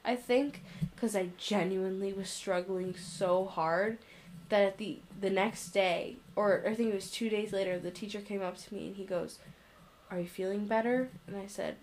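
A woman's voice: mid-range voice, steady tone, moderate pace, darkish tone, a little hiss or hum. A teenage girl in casual chat, telling school stories in an earnest way.

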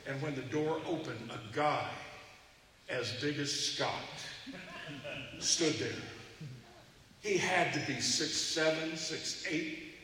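A man's voice: on the high side, slow, pauses often. A man preaching a sermon from Texas, telling stories and acting out the voices of the people in them. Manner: animated, acts out voices in his stories. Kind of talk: storytelling sermon. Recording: echoey hall from far off, noisy.

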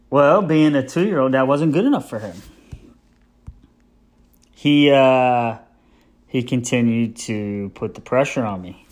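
A man's voice: medium pitch, measured pace, long pauses. A man in his thirties telling a casual, rambling, self-mocking story about being a father.

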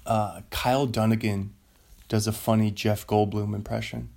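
A man's voice: fairly low pitch, little pitch movement, moderate pace, creaky, darkish tone. A man rambling in a casual solo chat, often trailing off and laughing at his own ideas. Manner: meandering, self-interrupting, laughs often.

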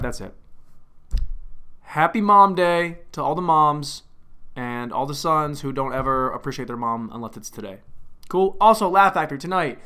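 A young man hosting a casual comedic rant, animated and exasperated, with frequent swearing. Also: medium pitch. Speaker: host.

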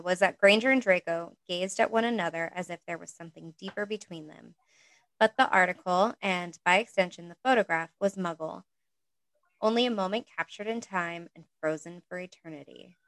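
A woman reads a story aloud in a relaxed, casual way and now and then breaks off for chatty asides of her own. Her voice sits at an ordinary middle pitch in a dry, close space with no room echo. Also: moderate pace. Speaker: reader.

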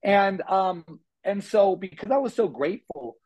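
A man telling his life story as a guest on an interview podcast, animated, acting out quotes with lots of fillers. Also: sits high, a little slow, poor audio.

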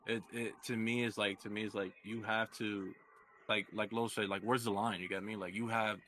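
A man with a fairly low voice and a forceful, bright edge talks through a loose sports chat as co-host. He rambles and circles back, leaning on "like" and "you get me" as he works out his point. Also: level tone, normal speed, a little hiss or hum. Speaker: podcast co-host.

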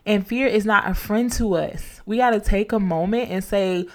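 A woman's voice: medium pitch, moderate pace, few pauses. A woman hosting a motivational faith-based podcast. She talks casually and speaks straight to her listeners as friends, repeating key lines the way a preacher does. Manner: casual, encouraging, preacher-like repetition, addresses listeners as y'all. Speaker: podcast host.

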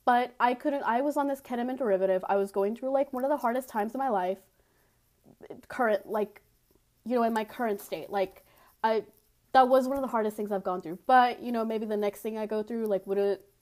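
A woman's voice: fairly high pitch, a little fast, a little mellow. A young woman hosting a podcast, telling a personal story in a blunt, candid way, with many fillers and casual swearing. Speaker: podcast host. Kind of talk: confessional storytelling monologue.

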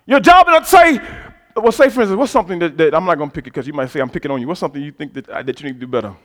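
A high-pitched man preaches to his congregation, dropping into easy, chatty asides and then building to shouted, emphatic passages. He keeps calling on the crowd to answer back. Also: animated, rapid-fire. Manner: swings from quiet conversational asides to loud shouted preaching; talks directly to the congregation with call-and-response prompts. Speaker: pastor. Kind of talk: sermon.

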